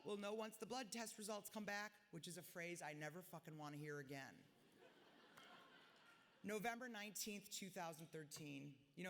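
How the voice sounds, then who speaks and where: A low voice with a touch of brightness belongs to a woman in her forties reading a personal, diary-style speech at a gala. She's blunt and self-mocking, and the reverberant hotel ballroom carries a long echo.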